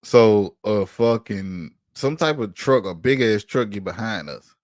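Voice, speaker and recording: A man's voice: lowish voice, measured pace, no echo. Profane storytelling man, dry sound. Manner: animated, profane storytelling with acted-out quotes. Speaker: podcast co-host. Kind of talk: casual storytelling chat.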